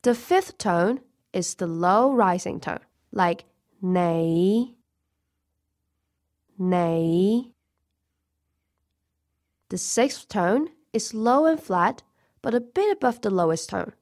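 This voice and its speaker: A woman teaching a listening lesson, speaking slowly and carefully and repeating each example word twice. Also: medium pitch, expressive. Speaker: language teacher. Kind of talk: scripted lesson narration.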